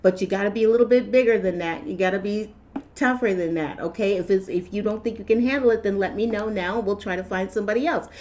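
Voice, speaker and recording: A woman giving a casual opinion monologue, animated, repeating herself and acting out quotes. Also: mid-range voice, fast, a little hiss or hum. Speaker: vlogger.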